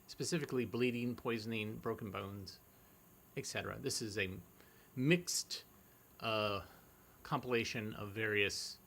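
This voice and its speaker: A man's voice: medium pitch, slight background noise. A man casually hosting a vintage film stream, rambling between films. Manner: relaxed, rambling, with fillers. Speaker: host. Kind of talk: casual livestream commentary.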